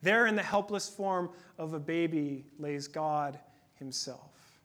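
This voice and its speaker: A man in his thirties preaching a sermon in a conversational, earnest way, dropping to a hush at times. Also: fairly high pitch. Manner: conversational, earnest, with dramatic pauses and hushed moments. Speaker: pastor.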